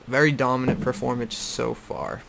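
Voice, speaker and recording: Young man, gravelly voice, blunt profane rambling recap, faint hiss behind. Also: mid-range voice, steady tone, normal speed. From Boston area. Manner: profane, blunt, repeats himself. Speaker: YouTube recap host. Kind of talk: casual rant-style show recap. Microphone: desktop USB microphone.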